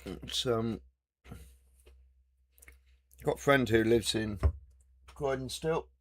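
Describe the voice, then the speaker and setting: A man's voice: medium pitch, takes it slowly, a little hiss or hum. A man chatting casually and teasing while playing a video game, with mild swearing. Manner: joking banter with mild swearing. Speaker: gamer.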